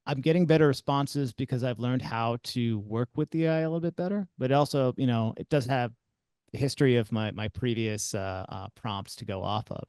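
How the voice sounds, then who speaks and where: A man answering as a guest expert, thoughtful and pausing with fillers. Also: medium pitch, darkish tone, clear, resonant tone, dry recording. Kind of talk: interview answers.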